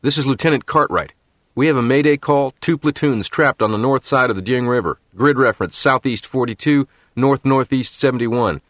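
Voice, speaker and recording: A man reading an audiobook, voicing a young army lieutenant who talks in brisk, clipped military speech. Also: medium pitch, fairly bright tone, dry recording, clean studio sound, voice pushed up, lightly acted. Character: young male army lieutenant, eager and bold.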